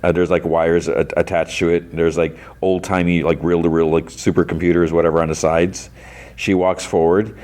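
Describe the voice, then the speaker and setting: Guy with a really low voice just rambling thru a show recap, says like a lot. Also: little pitch movement, moderate pace, a little mellow. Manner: rambling, heavy on "like" and restarts. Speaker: podcast host. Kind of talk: casual episode recap.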